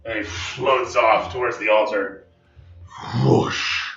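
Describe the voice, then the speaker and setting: A man narrating as game master, lively and casual, swearing and laughing with his players. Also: medium pitch, moderate pace. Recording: echoey room, far mic, dull, music.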